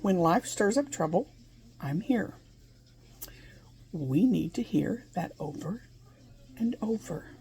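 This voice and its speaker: A woman's voice: medium pitch, lively intonation, slow pace, pauses often, warm tone. A woman giving an earnest, conversational Bible lesson, asking her listeners questions and laughing between points. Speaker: Bible teacher.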